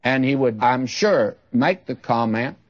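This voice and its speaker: A man's voice: mid-range voice, lively intonation, measured pace, dry recording. Male Bible teacher, folksy radio talk, rhetorical questions, dry close sound, muffled old recording. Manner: folksy, addresses listener directly.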